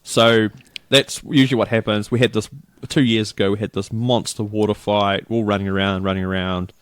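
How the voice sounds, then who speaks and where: A man's voice: lowish voice, steady tone, a little fast, smooth, no room sound. A middle-aged New Zealand man chatting casually as a podcast co-host, rambling through a story and acting out the people in it. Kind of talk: casual chat.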